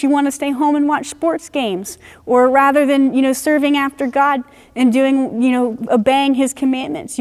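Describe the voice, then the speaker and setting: A woman's voice: sits high, in a large hall. A woman preaching a sermon in an earnest, conversational way, often saying "you know" as she explains scripture.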